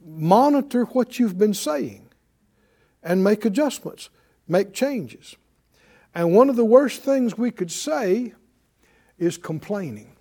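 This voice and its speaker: A man's voice: sits high, lively intonation, takes it slowly, long pauses, warm tone. A man preaching a sermon, reading scripture aloud with rising emphasis and leading his congregation in call-and-response.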